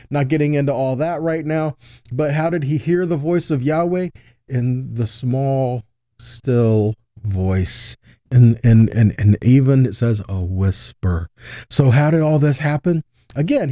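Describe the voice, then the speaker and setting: A man's voice: a little high, dark tone, dry recording, studio quality. A man giving a Bible teaching, reading passages aloud and breaking off into asides and repeated words. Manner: reads scripture aloud with frequent asides and repetitions.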